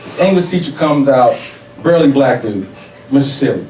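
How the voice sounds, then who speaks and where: A young man from New York City telling a personal story on stage, profane and animated. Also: mid-range voice, normal speed, a little hiss or hum. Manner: profane, animated, laughing audience reactions. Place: stage before a live audience. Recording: roomy hall, mic at a distance. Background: audience laughter.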